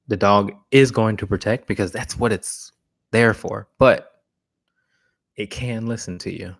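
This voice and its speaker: A male dog trainer answers questions in a relaxed live session. His voice sits on the low side. He talks bluntly and conversationally, often restarting his sentences. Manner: blunt, casual, frequent restarts. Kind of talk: live Q&A talk.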